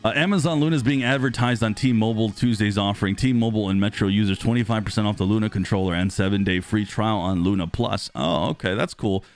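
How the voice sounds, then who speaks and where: Хрипнущий мужчина болтает в прямом эфире. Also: male voice, quick pace, few pauses, faint music behind. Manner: chatty and rambling, lively pitch swings when greeting viewers. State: losing his voice, clearing throat. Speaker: streamer host reading live chat. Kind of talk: casual live-stream chat.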